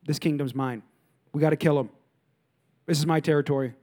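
A whiny, jealous king, as a male preacher puts him on. He grasps at what he owns. His voice sits fairly high and sounds sulky. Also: steady tone, brisk, darkish tone, lightly acted. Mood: possessive.

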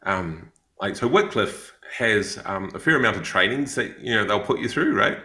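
A man's voice: lowish voice, lively intonation, moderate pace, pushed and bright, roomy sound. A man with a New Zealand accent telling a story in a casual chat, rambling with many fillers and restarts. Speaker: podcast co-host, missionary.

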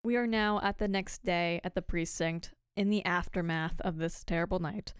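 A woman co-hosting a podcast and recapping an episode in a relaxed, chatty way, with casual asides. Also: fairly low pitch, normal speed, smooth, no echo, clean studio sound. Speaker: podcast co-host.

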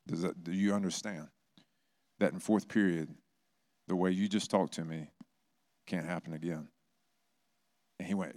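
A middle-aged man pastor giving a conversational sermon, telling personal stories with animated bursts. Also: sits low, moderate pace, pauses often.

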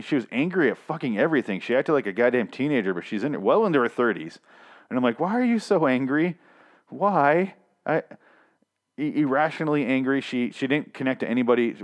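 A man giving a casual, rambling recap of a comic, sarcastic and foul-mouthed, often restarting his sentences. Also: mid-range voice. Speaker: comic book recap vlogger.

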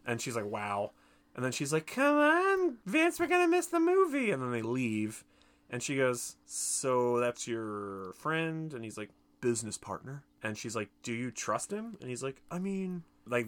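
A man co-hosting a casual podcast, retelling movie scenes with quick quoted voices and jokes. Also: mid-range voice, a bit bright. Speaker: podcast co-host. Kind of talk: casual movie recap chat.

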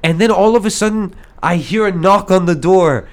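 A man hosting a podcast, telling a story in an animated, digressive way, swearing freely and recording in a studio. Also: high-pitched, moderate pace. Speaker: podcast host. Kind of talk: casual storytelling chat.

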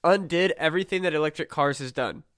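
A man's voice: fairly high pitch, fast talker, a bit bright, clean tone, dry recording, studio quality. Swearing, ranting young man. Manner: ranting, heavy swearing, many restarts. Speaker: podcast host. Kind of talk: casual chat.

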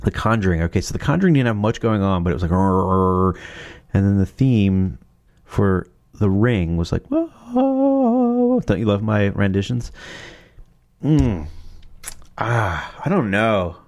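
A man's voice: on the low side, expressive, normal speed, creaky, darkish tone. A man casually chatting about horror movie themes, rambling, correcting himself and swearing offhand. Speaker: host. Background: faint music playing.

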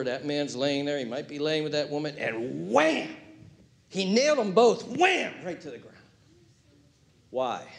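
High-pitched guy preaching a sermon, animated, goes quiet then loud, acts out little voices. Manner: animated, acts out quotes in shifting voices, swings from hushed to loud. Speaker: pastor.

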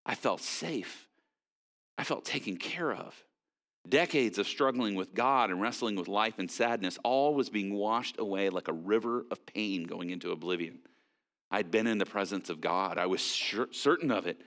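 A man preaching a sermon in a conversational, animated way, with frequent fillers and restarts. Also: on the low side, normal speed. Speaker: pastor.

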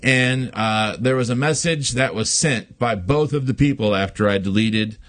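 A man of middle pitch tells a story on a podcast, rambling with many fillers and casual swearing. His voice sounds dry and close. The talk is loose and conversational. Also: normal speed, fairly bright tone, no room sound. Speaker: podcast host. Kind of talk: casual chat.

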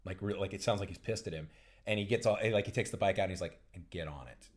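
A man's voice: fairly low pitch, rapid-fire. A man co-hosting a casual podcast, eagerly retelling a movie plot and acting out the characters' lines. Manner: animated storytelling, acts out characters' lines. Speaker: podcast co-host. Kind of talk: casual movie recap chat.

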